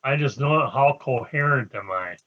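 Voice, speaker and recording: A man's voice: medium pitch, lively intonation, normal speed, lo-fi sound. A man playing a tabletop game, answering the game master with drowsy, joking asides. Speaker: player.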